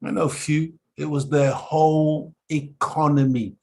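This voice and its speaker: A man lectures a study group in an emphatic, preacherly way, with a voice pitched a little higher than most men's. He keeps checking in with his listeners and calls them family as he drives each point home. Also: steady tone, unhurried, darkish tone. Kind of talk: impassioned lecture.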